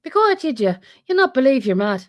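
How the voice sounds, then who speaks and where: A woman's voice: high-pitched, very animated, a little fast. A woman doing a sly trickster servant. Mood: teasing. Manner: wheedling, teasing, mock-soothing.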